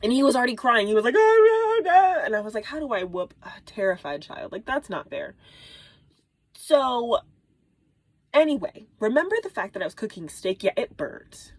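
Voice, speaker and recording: A woman in her thirties, a mother, telling a story to camera in a casual vlog, animated and exaggerated, dropping into whispered asides, recorded in a small closet. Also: a little high, moderate pace, breathy edge, no echo. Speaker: mom vlogger.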